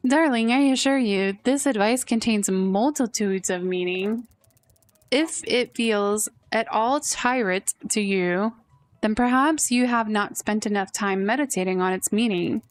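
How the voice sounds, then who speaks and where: A woman voicing a pompous, theatrical game character who hands out grand advice in a drawn-out, condescending way. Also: medium pitch, soft background music, natural voice. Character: pompous theatrical tea-drinking advice giver.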